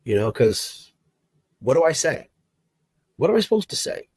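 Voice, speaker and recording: A middle-aged man telling his personal story as a podcast guest, heartfelt and halting, with many fillers and restarts. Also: a little high, big pitch swings, a little mellow, breathy edge, no echo, low-quality recording. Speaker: guest, recruiter and agency owner.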